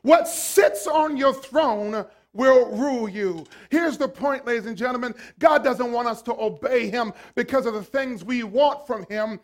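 A man preaching a sermon as a pastor, swinging from hushed lines to shouted ones. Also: extremely high pitch, unhurried, hardly any pauses.

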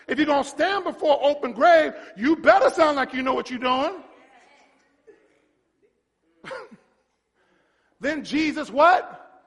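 A male preacher giving an animated sermon, mocking and swinging from hushed to shouting. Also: very high-pitched, moderate pace, long pauses, slightly rough, big-room sound.

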